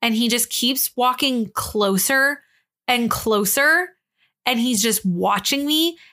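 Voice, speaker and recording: A young woman co-hosting a podcast, telling a story in an animated, casual way, swearing freely and acting out the quotes. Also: fairly high pitch, slow. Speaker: podcast co-host.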